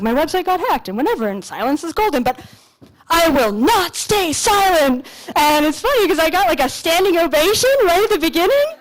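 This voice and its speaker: Casual, lively woman speaking on stage. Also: high-pitched. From Canada. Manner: casual, animated storytelling with frequent "like" and mild swearing. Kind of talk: motivational stage talk with storytelling. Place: stage at a large expo hall.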